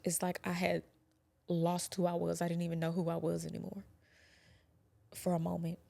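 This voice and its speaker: A young adult woman quietly recounting a painful personal experience, halting and sometimes dropping to a whisper. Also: fairly low pitch, monotone, vocal fry. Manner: quiet, halting, drops to a whisper at hard moments. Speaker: guest telling her story. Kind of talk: personal testimony.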